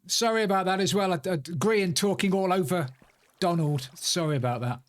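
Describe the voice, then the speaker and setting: A man's voice: high-pitched, a little fast. A man chatting casually on a live game stream, rambling to himself and greeting viewers by name. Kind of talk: casual live-stream chat while playing.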